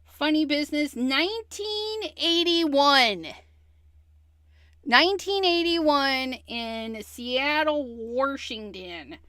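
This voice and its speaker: Slow-talking woman crafting on a livestream. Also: high-pitched, lively intonation, bright, forceful tone, no room sound, studio quality. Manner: chatty, talks to viewers while stamping, hums and murmurs to herself. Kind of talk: casual crafting livestream chat.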